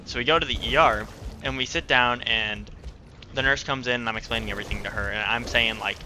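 A man with a very bright, ringing voice tells a long, rambling story over a game session. His talk is chatty and full of fillers. A faint hum sits under his voice. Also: medium pitch, fast. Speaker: gamer telling a story. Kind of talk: casual chat while gaming.

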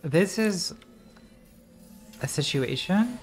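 A woman's voice: low voice, normal speed, soft background music. A woman streamer giving casual, rambling commentary while playing a game, distracted and swearing as she talks to herself.

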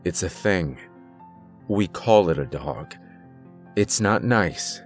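A man voicing a stern, secretive grandfather who gives grave, hushed warnings. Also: sits low, lively intonation, slow, soft background music, full character voice. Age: older.

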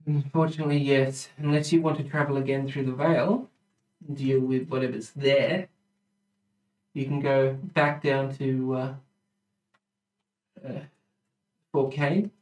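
A man narrating as the dungeon master in a tabletop game, chatty and hesitant, with quick asides. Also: medium pitch, steady tone, darkish tone. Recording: roomy room, distant mic, music underneath.

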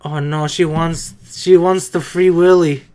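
A casual reaction-video voice that jokes its way through an anime episode. The delivery is slow and drawn out, with mid-range pitch, and it breaks into loud excited outbursts.

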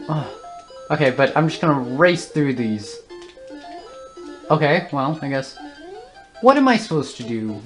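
Very low-voiced woman groaning over gameplay. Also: expressive, moderate pace, long pauses, soft background music. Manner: flustered, exclaims and groans at the game. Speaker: let's play host. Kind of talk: casual gameplay commentary.

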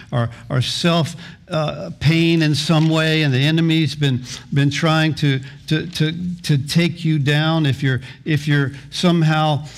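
A middle-aged man preaching a sermon as pastor, earnest, often repeating and restarting words. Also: a little high.

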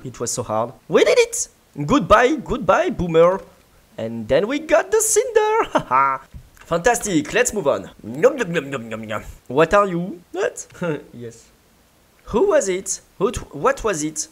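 A gaming video creator giving playful let's-play commentary, full of yelps, giggles and mouth sound effects. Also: mid-range voice.

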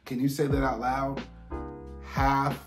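A man's voice: medium pitch, monotone, takes it slowly, roomy sound. A man teaching a beginner music theory lesson online, upbeat and encouraging as he counts beats aloud for his students to clap along.

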